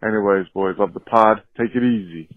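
A man with a fairly low voice rattles off friendly points in a brisk voicemail. His voice sounds tinny and dry, like a phone line. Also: no room sound. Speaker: caller. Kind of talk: voicemail to a podcast.

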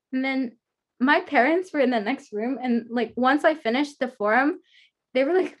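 A woman with a high, bright-toned voice hosts a casual interview over a video call. She talks in a chatty, rambling way and giggles often. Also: a little slow. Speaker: guest host interviewer. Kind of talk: casual chat.

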